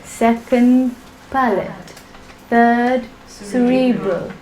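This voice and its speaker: A woman's voice: on the high side, steady tone, drawn-out words, a little mellow, a little hiss or hum. A woman teaching a live-streamed class, patiently chanting syllables in a sing-song and joking with her students. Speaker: language teacher. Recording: echoey room with music behind.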